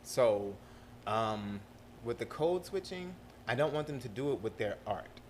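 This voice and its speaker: Man, South Carolina Lowcountry accent, relaxed podcast guest, mid pitch, light background noise. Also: measured pace. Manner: relaxed, switches between proper and Southern speech. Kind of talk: casual podcast chat.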